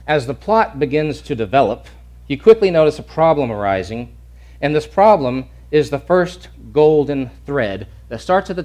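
Earnest stumbling male preacher. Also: medium pitch. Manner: earnest, emphatic, with stumbling restarts and repeated words. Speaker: pastor. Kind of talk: sermon.

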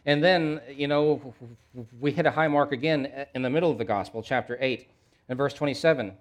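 A pastor preaching a sermon, moving between quiet low asides and loud emphatic questions, and reading scripture aloud briskly. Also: male voice.

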